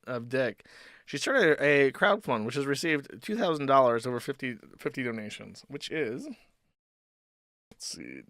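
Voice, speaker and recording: A man's voice: medium pitch, fairly bright tone, dry recording, studio quality. A man hosting a livestream, talking in a sardonic, profane, rambling way. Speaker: streamer host. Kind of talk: livestream commentary.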